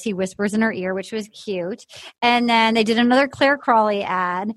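Casual podcast girl telling the story of an episode, high pitched, lively, acting out the lines. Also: normal speed, dry recording. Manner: animated storyteller, acts out quotes. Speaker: podcast co-host. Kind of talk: casual chat recapping a dating show.

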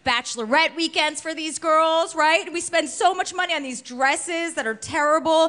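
A woman's voice: extremely high pitch, moderate pace, hardly any pauses, a bit bright. A woman doing a stand-up set on a club stage, blunt and mocking, into a stage microphone. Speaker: stand-up comedian. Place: comedy club stage with live audience. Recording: live club recording with faint crowd and noise.

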